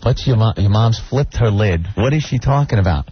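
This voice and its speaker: A man co-hosting a radio show, telling a story with lively, mocking impressions. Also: a little fast, husky, dry recording. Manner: animated storytelling, mocking high-voiced impressions. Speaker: radio co-host. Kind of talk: morning radio banter. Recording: dull lo-fi radio broadcast.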